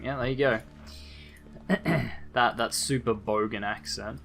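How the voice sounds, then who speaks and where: A man's voice: medium pitch, steady tone, slow pace, vocal fry, fairly bright tone, faint music behind. A man hosting a let's play, giving casual commentary with wry, jokey asides and reading in-game text aloud.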